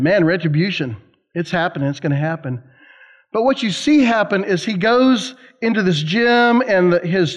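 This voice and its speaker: A man delivers a sermon to students in a lively, storytelling way, tossing in quick conversational asides. His voice sits high for a man. The recording is a little dull and lo-fi. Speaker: preacher. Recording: slightly dull lo-fi sound.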